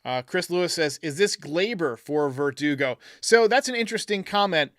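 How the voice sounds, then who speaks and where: A man's voice: fairly high pitch, animated, normal speed, a bit bright, some chatter behind, a little hiss or hum. A man hosting a live stream, chatting casually and reading out viewer comments as he thinks aloud. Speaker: podcast host reading live chat.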